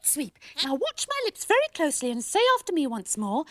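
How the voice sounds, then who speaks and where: A woman's voice: high-pitched, wildly swooping pitch, a little fast, hardly any pauses, no echo. A woman presenting a children's puppet show, prim and fussy, with careful, precise diction.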